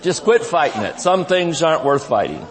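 A man in his fifties preaches a live sermon at a conference, joking and laughing, then shouting some lines. His voice sits high and swings widely in pitch. The sound carries the long reverb of a big church sanctuary. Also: sing-song, normal speed, crowd noise.

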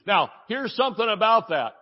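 A man preaching a sermon as a pastor, animated, with shouted exclamations and joking asides. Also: high voice, normal speed, dull audio.

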